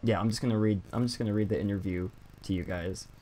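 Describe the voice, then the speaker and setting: A man's voice: on the low side, fairly even intonation, fast, dark tone. A man hosting a casual podcast, chatting loosely and poking fun at himself as he reads out quotes. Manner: chatty, self-deprecating, reads quotes aloud. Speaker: podcast host.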